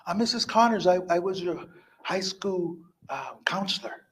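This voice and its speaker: A man voicing a stern, unforgiving old woman who was once a high school counselor, scolding a former student. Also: expressive, normal speed.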